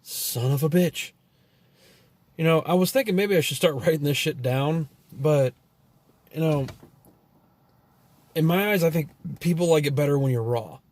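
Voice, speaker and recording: A man's voice: on the high side, normal speed, pauses often, darkish tone, no echo. A man from Texas with a Texan accent, telling loose, profane stories full of fillers and trailing thoughts. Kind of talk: rambling storytelling monologue.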